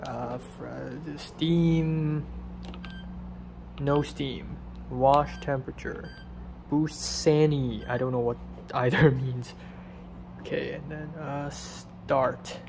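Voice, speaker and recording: Young male vlogger from Hong Kong, rambling, self-mocking, ordinary mid pitch, faint background hiss. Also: steady tone, drawn-out words, vocal fry, pauses often. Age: young adult. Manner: rambling and self-deprecating, many fillers. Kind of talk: casual vlog talk.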